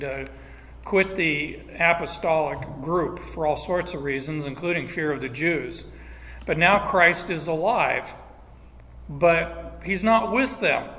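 A male pastor preaches in an unhurried, conversational way, dropping in folksy asides. His voice sits a bit high and rings bright, and a long reverb trails each phrase as if in a big church hall. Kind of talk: expository sermon.

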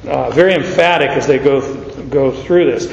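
A man's voice: medium pitch, moderate pace, gravelly, slight background noise. A man teaching a Bible study verse by verse. He speaks emphatically and raises his voice when he reads quoted verses aloud. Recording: echoey hall, dull lo-fi sound.

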